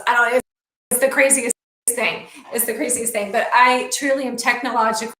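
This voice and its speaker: Middle-aged female counselor, lively and self-deprecating, slightly high voice, roomy echo from a video call. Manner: lively, chatty, self-deprecating with quick asides. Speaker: counselor and guest. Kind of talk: casual conversation. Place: small office room.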